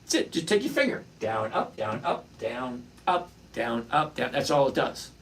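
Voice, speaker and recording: A man's voice: medium pitch, sing-song, normal speed, creaky, fairly bright tone, slight background noise. A middle-aged man hosting a casual live stock-trading stream, greeting viewers by name and answering their questions. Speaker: livestream host reading chat.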